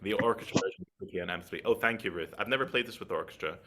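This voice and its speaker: A man's voice: fairly low pitch, rapid-fire, a bit bright. A man giving an online flute masterclass, explaining technique and checking in with his listeners as he goes. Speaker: flute teacher.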